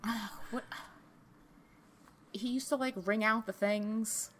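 A woman co-hosting a podcast in casual chat, gushing and excitable, often restarting her sentences. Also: on the high side, slow pace, a little hiss or hum. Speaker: podcast co-host.

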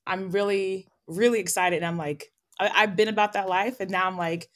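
Woman academic guest, upbeat and candid, mid-pitched, casual interview. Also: fairly even intonation, moderate pace. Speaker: professor, podcast guest.

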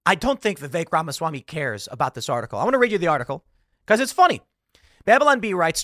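Male host, political commentary, animated, high voice, bright tone. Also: fast talker, no room sound, clean studio sound. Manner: animated, laughs while reading jokes aloud.

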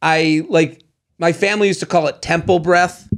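A man co-hosting a podcast in casual chat, animated and quick to slip into goofy voices. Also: on the high side. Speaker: podcast co-host.

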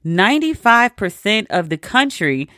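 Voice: medium pitch, big pitch swings, a little slow, sharp tone, dry recording, clean studio sound. A host telling a personal story in a casual monologue, with wry, incredulous asides.

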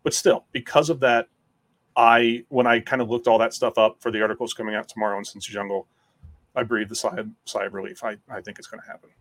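A man's voice: lowish voice, fairly even intonation, quick pace, no echo. A man who writes about football, chatting on a sports podcast and reciting contract figures in an analytical way. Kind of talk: casual sports podcast chat.

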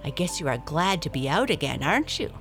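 A woman's voice: low-pitched, very animated, a little fast, a bit bright, full character voice. A woman voicing a curious young female black cat in a storybook, asking eager, wide-eyed questions. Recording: clear music behind voice.

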